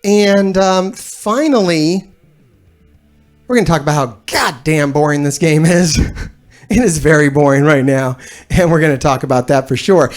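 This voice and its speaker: A man's voice: on the high side, expressive, a little slow. A man hosting a gaming stream, talking casually to his chat in a blunt, profane and exasperated rant that rambles with restarts and frequent laughs. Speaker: gaming streamer and video host. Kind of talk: casual ranting commentary to a live chat.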